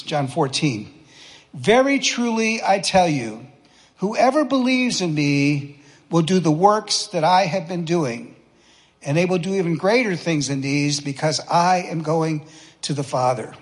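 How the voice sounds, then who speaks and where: A man preaching a sermon in a conversational, folksy way, asking the congregation questions. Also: a little high. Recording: long reverb of a church hall.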